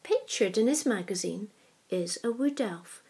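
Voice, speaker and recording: A woman narrating a story in a soft, hushed reading voice. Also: mid-range voice, expressive, unhurried, breathy edge.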